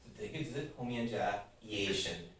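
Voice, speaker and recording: A man's voice: lowish voice, animated, normal speed, a bit bright, a little hiss or hum. Male English teacher, patient and coaxing; heard from afar in a reverberant classroom. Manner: explains patiently, prompts students to repeat. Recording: very echoey room, from far off.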